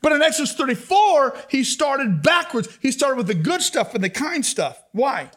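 High-voiced preaching man, animated. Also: normal speed. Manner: animated preaching, swings from soft asides to shouted emphasis; talks back and forth with the congregation. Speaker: pastor. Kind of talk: sermon.

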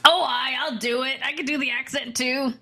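A woman's voice: high-pitched, fairly even intonation, moderate pace, sharp tone, husky. A woman playing a tabletop game over a call, chatting casually and laughing often. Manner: giggly, self-deprecating. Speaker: player.

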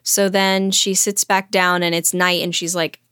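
A woman co-hosting a podcast, filling in plot details in relaxed, casual chat. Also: on the low side, a little slow, clean tone, no echo, clean studio sound. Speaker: podcast co-host. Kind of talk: casual chat retelling a novel.

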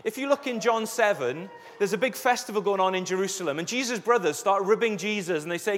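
A man preaching a sermon as a pastor, telling Bible stories in a lively way and acting out the scenes. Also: high voice, fast, few pauses. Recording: echoey hall reverb.

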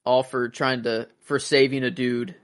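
Rambling, excitable young man. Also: mid-range voice, unhurried. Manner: rambling and enthusiastic, many fillers and restarts. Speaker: podcast co-host. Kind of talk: casual movie chat.

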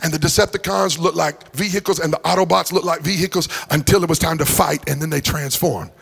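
A man's voice: fairly high pitch, fairly even intonation, fairly quick, gravelly, a bit bright, breathy edge. A middle-aged man preaching a sermon in a church, swinging into sing-song rises and joking with the congregation. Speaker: pastor. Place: church sanctuary.

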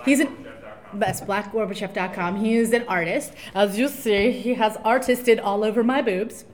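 A woman's voice: mid-range voice, normal speed, a little mellow. A woman co-hosting a live podcast panel at a convention, wry and teasing, laughing often. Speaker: podcast co-host.

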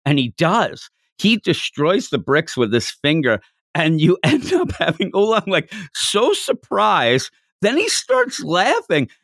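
Male podcast co-host, lively pitch, dry close sound, playful scene retelling. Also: a little slow, no room sound. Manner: animated, acts out character lines in funny voices. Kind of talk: casual manga discussion.

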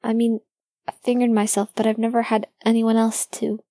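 A woman's voice: on the high side, level tone, normal speed, dark tone, dry recording, clean studio sound, voice pushed up. A woman voicing an eager, blunt young man.

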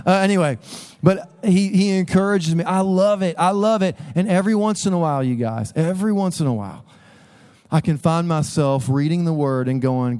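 A man preaching a sermon as a pastor, conversational and animated, acting out voices as he tells stories. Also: on the high side, a little fast, smooth. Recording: long hall reverb.

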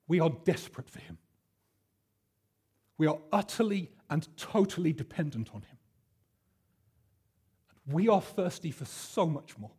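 A man preaches to his church, his voice husky and a little breathy. He sits somewhat high for a man and tells stories with lively energy. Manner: animated storytelling, acting out voices in quotes. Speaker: pastor. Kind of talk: sermon.

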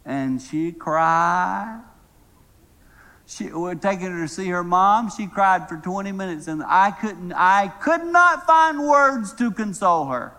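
A middle-aged man preaching a sermon, telling a humorous story in a lively way and then praying softly. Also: slow pace. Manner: lively, humorous storyteller who drops to a soft, low tone to pray. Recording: long reverb of a large hall.

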